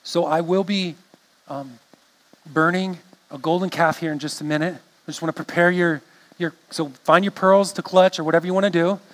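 A man's voice: fairly high pitch, steady tone, moderate pace, rough recording. A man preaching a sermon in a conversational way, often restarting phrases and checking in with the congregation. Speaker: pastor.

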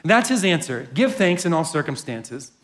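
A man voicing a calm, devout adult woman prisoner, speaking matter-of-factly. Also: on the high side, normal speed. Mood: earnest.

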